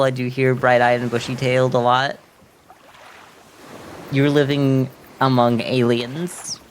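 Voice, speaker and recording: A man's voice: mid-range voice, slight background noise. A man streaming a video game, talking casually, rambling and joking with frequent giggles.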